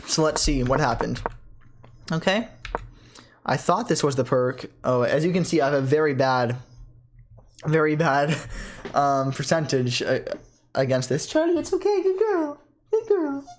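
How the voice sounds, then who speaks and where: Someone at home offers offhand commentary on a chess game they're playing, speaking in a mid-range voice. Quick self-corrections and sudden bursts of excitement punctuate their out-loud thinking.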